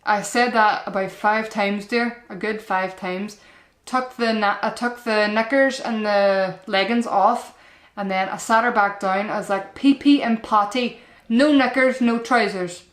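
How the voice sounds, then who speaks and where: A woman's voice: mid-range voice, steady tone, a little slow, fairly bright tone. A young woman and mum giving earnest, chatty parenting advice to camera in a casual vlog style, often calling her viewers "guys" and repeating herself. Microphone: camera-mounted shotgun mic. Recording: echoey room.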